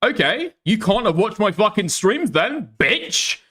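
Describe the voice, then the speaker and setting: A man's voice: big pitch swings, a bit bright, breathy edge, heavily acted. A man mocking a sneering combative streamer. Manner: high, combative, sneering rapid-fire questions. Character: confrontational adult male streamer, taunting.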